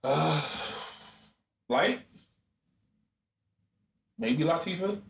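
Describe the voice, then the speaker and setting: A man co-hosting a casual podcast chat, teasing and swearing with loud laughs. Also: fairly high pitch, animated, very slow, creaky. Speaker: podcast co-host. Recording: echoey room, faint noise.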